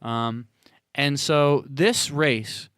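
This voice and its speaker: A man's voice: medium pitch, drawn-out words, a bit bright, dry recording, clean studio sound. A man co-hosting a podcast, recapping a film in a rambling, casual way with lots of fillers. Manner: rambling, filler-heavy recap with playful quoted voices. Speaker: podcast co-host. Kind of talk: casual movie recap chat.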